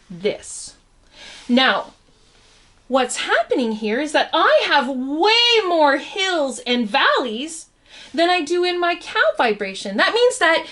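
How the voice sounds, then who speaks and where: A woman's voice: sits high, a bit bright. A young adult woman teaching a science lesson for children in a playful, encouraging way, often asking the viewer questions. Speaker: science educator.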